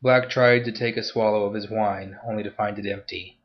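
A man's voice: lowish voice, steady tone, fairly quick. Man narrating a story, dull lo-fi sound.

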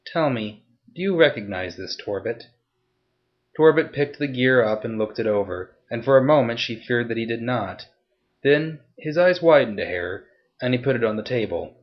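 A man narrating a story in a steady, even storytelling voice. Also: mid-range voice, moderate pace, highs cut off. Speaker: audiobook narrator. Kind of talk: scripted narration.

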